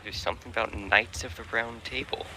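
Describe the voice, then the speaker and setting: Low-voiced man, brief and matter-of-fact. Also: steady tone, brisk, creaky, a crowd in the background, low-quality recording. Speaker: player. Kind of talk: casual tabletop game play.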